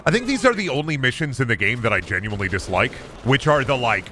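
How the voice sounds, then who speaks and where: A young man talks over his game stream in a loose, profane ramble full of joking tangents. His voice is bright and ringing. His pitch swings widely as he riffs. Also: big pitch swings, a little fast, few pauses, a little hiss or hum. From United States. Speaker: streamer playing a video game. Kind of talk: casual gaming commentary.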